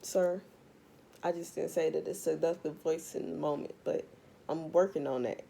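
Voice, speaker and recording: A woman's voice: low voice, steady tone, normal speed, vocal fry, warm tone, slight background noise. Blunt, profane woman tarot reader. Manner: talks straight to viewers. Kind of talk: casual tarot reading vlog.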